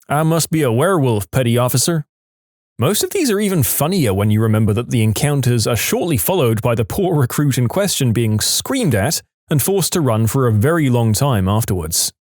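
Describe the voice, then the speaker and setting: Narrating submitted listener stories from a script, a man livens things up by raising his voice whenever a character speaks. The recording is studio-clean, with no room sound at all.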